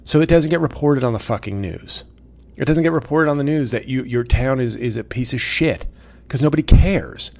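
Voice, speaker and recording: Gravelly, sarcastic male comedian ranting. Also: mid-range voice, normal speed, darkish tone. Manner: sarcastic, profane, frequent restarts. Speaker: comedian podcast host. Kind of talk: profane comedic rant.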